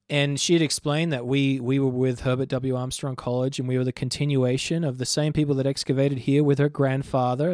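A man in his thirties hosts a program in a slightly mellow, mid-range voice, recorded clean in a studio with no room sound. His commentary is casual and conversational, full of restarts and personal asides.

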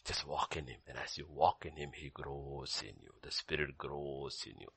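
An older man preaching a sermon as pastor, swinging between loud emphasis and soft near-whispers and repeating key phrases. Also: extremely low pitch, steady tone, normal speed, hardly any pauses, husky, no echo.

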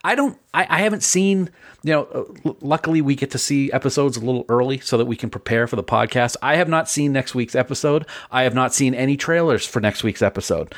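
A man's voice: medium pitch, fast. A man co-hosting a podcast, talking in an earnest, enthusiastic way. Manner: enthusiastic, earnest fan praise. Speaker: podcast co-host. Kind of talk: casual podcast chat.

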